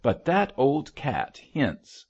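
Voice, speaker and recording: A man voicing a gruff, quick-tempered, husky middle-aged innkeeper in a storybook reading. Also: mid-range voice, sing-song, dull audio, heavily acted. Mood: angry.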